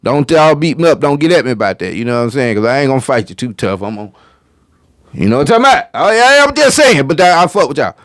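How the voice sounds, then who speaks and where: A man's voice: mid-range voice, sing-song, fast talker, fairly bright tone, no room sound. A man hosting a reaction video, commenting casually on a clip in a slangy, profane way.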